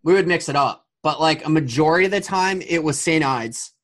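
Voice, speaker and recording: A man's voice: a little high, fairly quick. A man in his forties telling a rambling story in a casual chat, full of fillers. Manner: rambling, filler-heavy, animated retelling.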